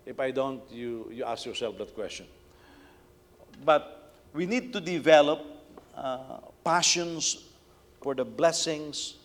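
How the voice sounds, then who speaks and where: Older pastor preaching in a reverberant hall. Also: male voice, mid-range voice. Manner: conversational storytelling with many restarts. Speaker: senior pastor. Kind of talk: sermon.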